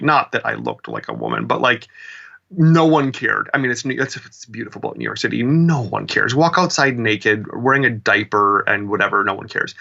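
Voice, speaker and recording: A Midwestern man in his 40s, a drag performer, tells stories as a guest in a casual interview, sounding chatty, animated, and rambling. He mocks himself and uses many fillers. His voice is mid-range, bright, and creaky, with lo-fi sound and a Midwestern American accent.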